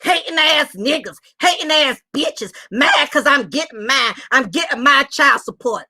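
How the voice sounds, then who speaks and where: A woman voicing a loud, furious single mother who shouts, curses and repeats herself while ranting defensively. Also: high voice, animated, unhurried, full character voice. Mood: angry ranting. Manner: shouting, cursing, repetitive ranting. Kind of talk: comedic rant impression.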